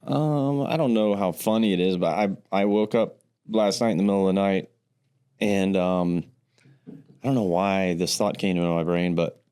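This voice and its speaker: A man's voice: sits low, a little mellow, clear, resonant tone. A man co-hosting a podcast in casual chat, rambling and hesitant with many ums and restarts. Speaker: podcast co-host.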